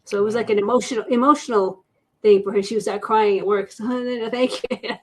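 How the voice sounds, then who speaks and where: Talkative woman guest, paranormal investigator, mid-pitched voice, voices quoted people as she tells stories. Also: steady tone, quick pace, breathy edge. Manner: chatty, acts out quoted voices, laughs often. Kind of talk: casual storytelling interview.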